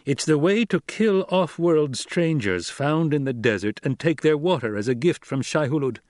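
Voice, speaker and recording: A cold, commanding young noble speaks slowly and deliberately in a voice lifted well above the reader's own, as a male narrator puts him on. The audiobook sound is dry and close, with no room around it. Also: fairly high pitch, lively intonation, no echo, pitched above the performer's own voice, close to an everyday voice. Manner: slow, cold, commanding delivery.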